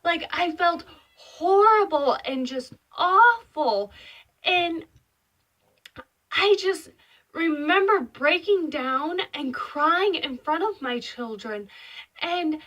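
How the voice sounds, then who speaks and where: A woman's voice: very high voice, expressive, takes it slowly, bright, forceful tone, muffled recording. A young mother of five sharing a heartfelt, faith-filled vlog from her bedroom, talking earnestly and with emotion. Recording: voice slightly distant from mic.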